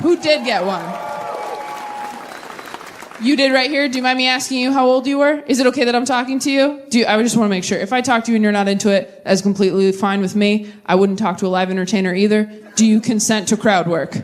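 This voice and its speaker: A woman in her thirties doing stand-up with crowd work, self-mocking and quick with asides, on a club stage. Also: a little high, a little hiss or hum. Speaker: stand-up comedian. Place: comedy club stage with audience.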